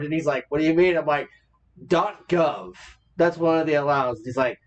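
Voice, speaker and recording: A man's voice: on the high side, brisk. A man co-hosting a podcast, chatting casually as an opinionated storyteller who swears freely. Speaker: podcast co-host. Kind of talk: casual chat.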